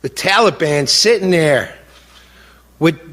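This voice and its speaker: A middle-aged man speaking as a grieving father in an impassioned speech, halting with fillers at times and indignant at others. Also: fairly high pitch, animated, a bit bright. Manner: indignant, rising to heated outbursts. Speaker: grieving father giving a talk.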